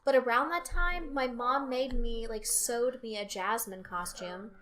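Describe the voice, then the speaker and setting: A woman's voice: on the high side, unhurried, fairly bright tone. Emphatic woman in her twenties. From Maryland, USA. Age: 20s. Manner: overpronounces syllables for emphasis. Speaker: co-host. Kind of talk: casual chat.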